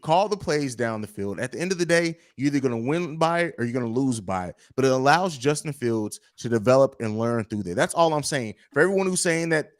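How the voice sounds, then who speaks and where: Hoarse man ranting about football. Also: medium pitch, animated, brisk, hardly any pauses, no echo, studio quality. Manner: impassioned, repetitive ranting. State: losing his voice. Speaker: podcast host. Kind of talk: heated sports podcast talk.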